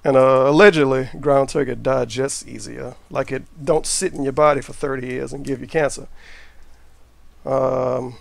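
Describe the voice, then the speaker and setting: A man rambles through a casual cooking vlog. He swears freely and talks loosely as he works in his home kitchen. His voice is gravelly at a middle pitch, and the sound is dry with no room echo. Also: steady tone, moderate pace. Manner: rambling, profane, offhand. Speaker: cooking vlogger. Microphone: camera mic while cooking.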